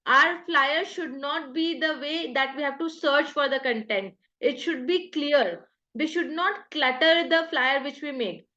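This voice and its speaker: A woman with an Indian English accent leads an online workshop, her high voice carrying steady step-by-step explanations. The call audio sounds slightly dull. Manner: patient, explains step by step with examples. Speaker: workshop trainer. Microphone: video call.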